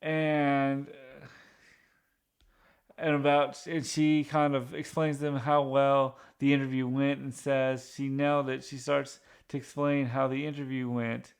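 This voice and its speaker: A man's voice: mid-range voice, level tone, smooth. A man casually retelling a sitcom episode from memory, stumbling through restarts and fillers as he goes. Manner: halting, many restarts and fillers. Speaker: recapping a TV episode. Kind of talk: casual unscripted recap.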